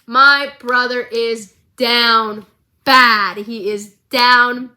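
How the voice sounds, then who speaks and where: Female vlogger, bright voice, excitable, recap commentary. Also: on the high side. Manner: excitable and gushing, with quick asides.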